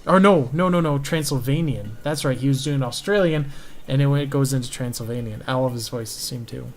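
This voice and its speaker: A man who is a cartoonist, chatting casually while he inks a drawing on stream and trailing off into low-key asides to himself. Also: fairly quick, soft background music. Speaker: cartoonist streaming his inking.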